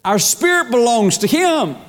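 A man's voice: very high voice, big pitch swings, measured pace, fairly bright tone, in a large hall. A man preaching a sermon as pastor, folksy and emphatic, his intensity rising and falling. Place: church sanctuary.

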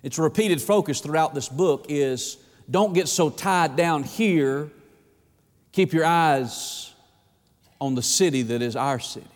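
A male pastor preaching a sermon with fervor, swinging between urgent bursts and slow, hushed emphasis. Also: a little high, big-room sound.

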